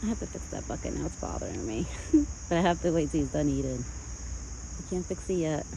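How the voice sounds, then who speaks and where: Soft-spoken vlogger coaxing a deer outdoors. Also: medium pitch, a little fast, creaky, slight background noise. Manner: soft, coaxing baby talk to the animal, lifted and sing-song; relaxed, chatty asides to the viewer. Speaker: vlogger feeding a wild deer. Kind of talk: casual vlog narration mixed with talk to an animal. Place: outdoors in a rural yard. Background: crickets and faint outdoor ambience.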